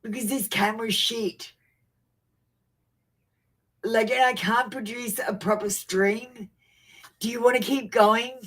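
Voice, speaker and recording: A woman giving a live-streamed tarot reading on a webcam, flustered and apologetic about her setup before settling into steady predictions. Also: on the high side, slow, pauses often. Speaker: tarot reader.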